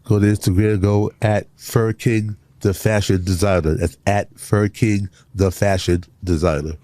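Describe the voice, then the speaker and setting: A man's voice: lowish voice, steady tone, measured pace, dark tone, no room sound. A man, a fashion designer guest on a podcast, playful and teasing, often repeating his words. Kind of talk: casual chat.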